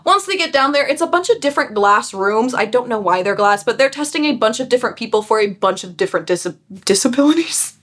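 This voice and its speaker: A young woman chatting casually through a book recap, sarcastic and quick to laugh. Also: fairly high pitch, lively intonation, a bit bright. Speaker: book vlogger.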